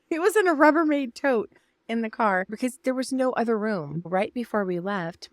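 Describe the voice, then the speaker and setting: A woman's voice: mid-range voice, dry recording. An older woman telling a personal story to camera in a chatty, emotional way, talking straight to her viewers. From Northern California. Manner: chatty and emotional, addresses viewers as "you guys" and "y'all". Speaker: vlogger.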